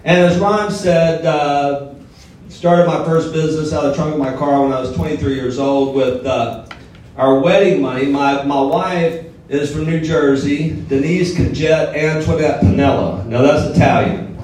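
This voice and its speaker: A man's voice: fairly high pitch, steady tone, moderate pace, darkish tone, a little hiss or hum. A middle-aged man from southern Alabama with a Southern accent, a guest speaker telling jokey stories to a live audience. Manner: storytelling, joking with the audience. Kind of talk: motivational speech. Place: large hall before a live audience. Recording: echoey hall, mic heard from a distance.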